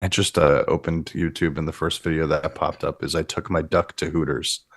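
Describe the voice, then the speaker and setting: A man's voice: very deep voice, little pitch movement, moderate pace, a bit bright, slightly rough. A man chatting casually as a podcast co-host, teasing and joking.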